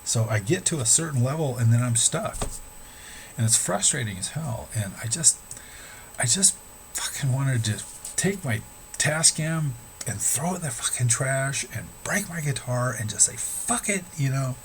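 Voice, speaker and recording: A man's voice: mid-range voice, expressive, normal speed, a little hiss or hum, poor audio. A middle-aged man, an amateur musician, talking casually and candidly, swearing freely and rambling with restarts. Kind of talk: casual talk to camera.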